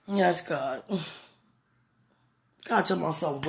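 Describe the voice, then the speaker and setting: A vlogger speaking an emotional, pleading prayer to the camera, swinging between quiet murmurs and excited bursts. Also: mid-range voice, normal speed, pauses often, slight background noise. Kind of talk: casual spoken prayer to camera.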